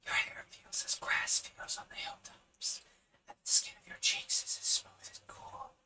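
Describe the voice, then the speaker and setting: A man voicing a gentle, ancient wind spirit in a breathy whisper, a whispered role-play within a storybook reading. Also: a little high, little pitch movement, normal speed, pitched above the performer's own voice, lightly acted. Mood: tender.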